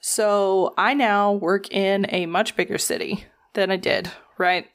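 A woman in casual chat, telling a work story in an expressive way and swearing casually. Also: medium pitch, a little slow.

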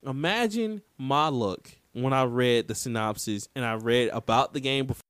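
A man's voice: medium pitch, normal speed, a bit bright, clean tone, no room sound, clean studio sound. A man hosting a casual podcast chat, hyped and teasing, trash-talking with slang. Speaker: podcast host.

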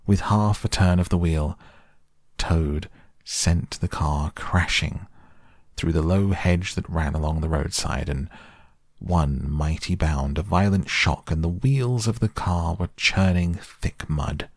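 Deep gravelly guy reading a bedtime story, soft and slow, very dry sound. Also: no room sound. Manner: slow, soft, soothing delivery. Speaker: audiobook narrator.

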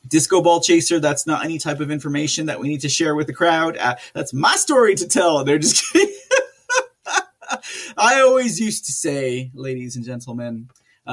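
A chatty man with a slightly high voice, reading out live chat on his stream. He rambles, restarts his sentences and laughs often as he goes.

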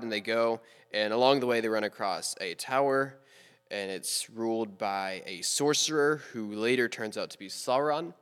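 A man's voice: medium pitch, a bit bright, clean tone, in a large hall. A young man on a podcast, casually retelling a story in a rambling, playful way with quoted asides. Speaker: podcast co-host.

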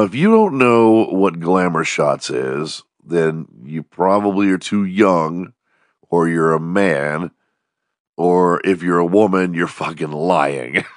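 A deep-voiced Texas man hosts a casual monologue podcast, telling jokey, profane stories with animated energy. His voice sounds strained and worn out, as if he is losing it. The studio sound is clean, with no echo.

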